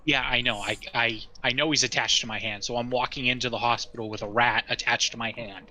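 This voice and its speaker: Guy playing a tabletop game, super bright sharp voice, kinda fed up. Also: mid-range voice, fairly even intonation, a little fast, slight background noise, low-quality recording. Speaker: player.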